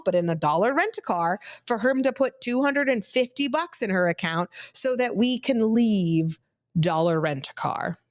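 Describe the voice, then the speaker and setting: Animated young woman telling a story. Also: lowish voice, no echo, clean studio sound. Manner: animated, dramatic retelling with laughs. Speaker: podcast host. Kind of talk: casual storytelling.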